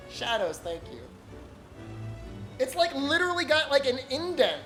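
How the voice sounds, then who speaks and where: A man's voice: extremely high pitch, big pitch swings, normal speed, pauses often, pushed and bright, faint music behind. A man streaming a game, chatting casually and jokingly, rambling with lots of "like" fillers. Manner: rambling, heavy use of "like", joking. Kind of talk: casual chat while gaming.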